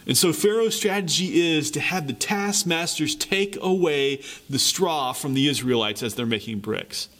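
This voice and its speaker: A man preaching a sermon, reading scripture and then retelling the story in a lively, conversational way. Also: sits high, moderate pace. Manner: animated storytelling, paraphrases characters in lively voices. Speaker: pastor.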